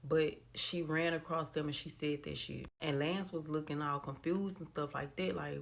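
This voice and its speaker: A woman's voice: low voice, steady tone, normal speed, gravelly, hardly any pauses, background noise. A woman telling a long story in a casual, chatty way, talking straight to her listeners with lots of fillers. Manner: chatty, addresses listeners as y'all, many fillers.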